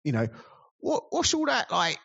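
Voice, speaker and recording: Man voicing a cheeky young lad calling out bluntly; raised pitch, lo-fi. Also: huge pitch swings, moderate pace, gravelly, pushed and bright, breathy edge, full character voice.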